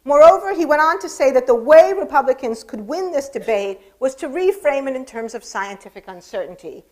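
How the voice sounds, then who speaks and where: A woman lecturing to an audience, her voice sitting a little high for a woman. She makes dry, wry asides and leans hard on the words that matter. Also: expressive, a little fast, a little mellow. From United States. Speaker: speaker giving a public lecture. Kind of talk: public lecture.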